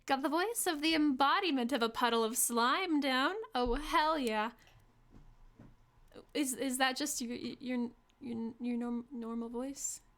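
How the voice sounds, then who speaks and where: A woman's voice: high voice, unhurried, fairly bright tone. A woman streamer giving casual, playful gameplay commentary and chatting with her viewers. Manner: playful, chatty, riffing with chat.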